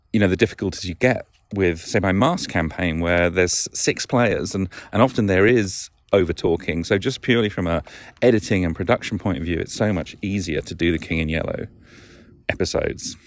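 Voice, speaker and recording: A man's voice: lowish voice, no echo. A man with a Lancashire accent hosting a casual solo podcast, rambling and self-deprecating with frequent chuckles. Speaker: podcast host.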